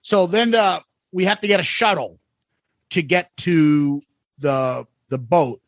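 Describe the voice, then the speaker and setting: A man co-hosting a podcast, telling travel stories in a casual, profane, animated way. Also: fairly high pitch, slow pace, dry recording. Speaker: podcast co-host. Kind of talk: casual chat.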